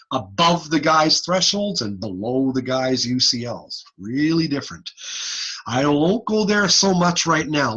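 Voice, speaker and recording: A man giving an informal online lecture, lively and blunt, over a computer mic on a video call. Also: mid-range voice, husky, low-quality recording. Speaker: audiology lecturer.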